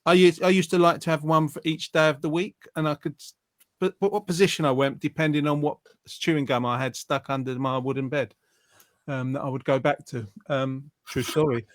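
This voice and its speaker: A man's voice: fairly high pitch, steady tone, fairly quick, no room sound, studio quality. A man in his fifties hosting an online quiz in casual chat, joking and rambling with silly asides. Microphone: online video call.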